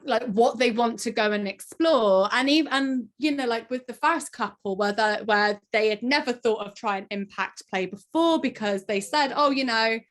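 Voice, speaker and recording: A woman from Plymouth with a Southwest English accent, chatting casually as a podcast host. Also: fairly high pitch. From England. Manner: chatty, animated, laughing asides. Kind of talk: casual chat.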